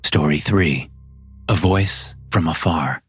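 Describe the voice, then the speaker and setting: A man narrating a first-person horror story in a wry, deadpan way. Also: very deep voice, slow, breathy edge. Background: music.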